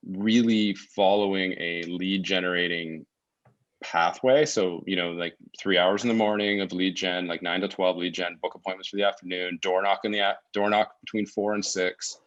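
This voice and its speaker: Deep-voiced man, halting and reflective. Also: a bit bright, highs cut off. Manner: reflective, searching for words with many restarts. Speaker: podcast guest. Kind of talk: casual conversational interview. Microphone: remote call mic.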